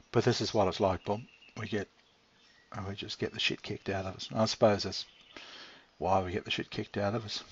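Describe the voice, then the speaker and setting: A middle-aged channel host with a lowish, husky voice rambles casually to his pet, swearing freely and chuckling often. The recording is dull and lo-fi.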